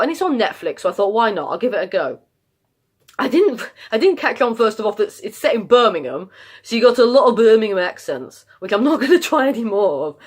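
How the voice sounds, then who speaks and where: A woman talks casually to camera about shows she has been watching. She rambles, trails off and restarts her sentences, filling the gaps with ums. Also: mid-range voice. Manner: rambling, many fillers and restarts. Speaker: vlogger.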